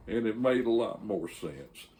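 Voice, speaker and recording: A man's voice: lowish voice, lively intonation, measured pace, warm tone, slight background noise. An older man, the host of his channel, telling a folksy, rambling story with frequent fillers and restarts.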